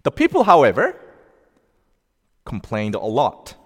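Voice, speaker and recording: A male pastor preaching a sermon, slow and deliberate, with emphatic rising outbursts. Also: medium pitch, huge pitch swings, husky. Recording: long reverb of a large hall.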